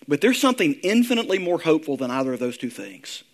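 A man with a fairly high voice delivers a sermon. He speaks earnestly and slows down to a hushed, tender tone when he reads prayers and verses aloud. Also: big pitch swings. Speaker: pastor.

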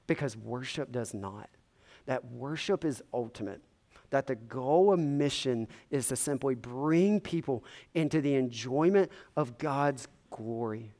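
A man preaching a sermon, retelling a story in a conversational way with many casual fillers. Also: mid-range voice.

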